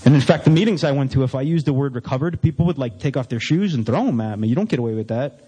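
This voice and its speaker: A man's voice: medium pitch, expressive, fast talker, dark tone, breathy edge. A man giving a candid, self-mocking recovery talk to a meeting audience. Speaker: recovery speaker. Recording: long reverb of a hall.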